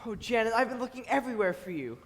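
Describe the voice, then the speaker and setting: A man's voice: extremely high pitch, animated, fast talker, a bit bright, full character voice. A young man on a school stage playing an earnest groom who pleads with his bride, recorded in a reverberant auditorium. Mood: pleading. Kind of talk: school stage musical acting. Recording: reverberant hall, distant stage sound.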